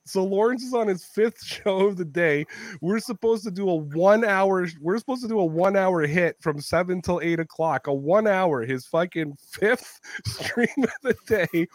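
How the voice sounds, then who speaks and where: A Canadian man telling profane, animated stories while hosting a casual chat. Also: high voice, no room sound. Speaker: podcast host.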